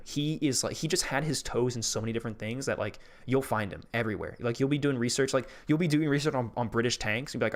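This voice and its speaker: A male streamer chats into his desk mic in a loose, rambling way. He curses freely and laughs easily, and his voice sits at an ordinary middle pitch. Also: quick pace. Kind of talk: casual live-stream chat.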